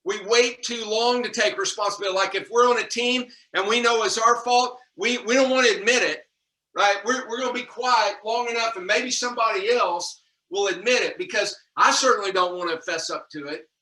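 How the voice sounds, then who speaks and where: Folksy high-voiced man, echoey room. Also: a little fast. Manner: folksy, energetic, repeats himself, addresses audience as y'all. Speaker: leadership trainer. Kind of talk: motivational talk to staff. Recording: echoey room, distant mic.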